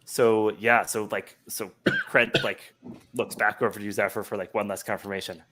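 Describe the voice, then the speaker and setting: A man with a slightly low voice narrates a tabletop game over a video call. He rambles, piling on fillers as he sets each scene. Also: fairly even intonation, normal speed, bright, forceful tone. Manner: rambling, heavy with fillers like "like" and "you know". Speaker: game master.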